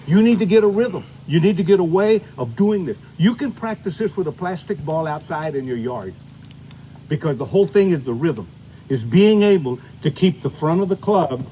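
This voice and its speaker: A man's voice: fairly high pitch, a little mellow, slight background noise. An older man giving a golf lesson outdoors, chatty and folksy, demonstrating shots as he talks. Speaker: golf instructor.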